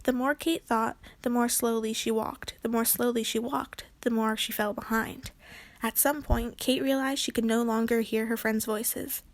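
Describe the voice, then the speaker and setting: A woman narrating a children's book aloud in a clear, expressive storytelling voice. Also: a little high, moderate pace, no echo.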